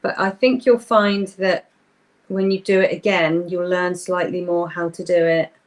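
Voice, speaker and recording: A woman's voice: on the low side, fairly even intonation, unhurried. A young woman hosting a live craft workshop, chatting casually and greeting viewers by name while she works.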